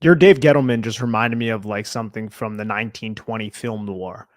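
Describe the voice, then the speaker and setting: A man's voice: lowish voice, a little fast, no room sound, clean studio sound. A young man co-hosting a casual sports podcast, talking through game film in a conversational way and laughing easily. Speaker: podcast co-host.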